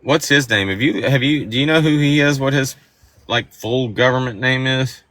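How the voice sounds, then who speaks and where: A man with a bright, forceful voice talks bluntly on his livestream, gossiping and cursing freely. The sound is dry and close, with no room around it. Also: mid-range voice, normal speed, no room sound. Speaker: livestream host. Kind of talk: casual livestream chat.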